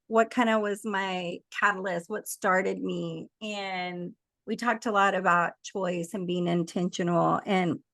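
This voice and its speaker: A middle-aged woman coach as a podcast guest, speaking reflectively with halting pauses. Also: medium pitch, no room sound. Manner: warm agreeing, then reflective and halting. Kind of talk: casual interview chat.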